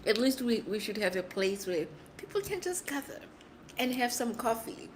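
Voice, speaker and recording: A middle-aged woman hosting a casual livestream, chatting playfully with viewers and laughing often, her voice hoarse. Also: a little high, very animated, normal speed, slight background noise. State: hoarse from screaming. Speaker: livestream host.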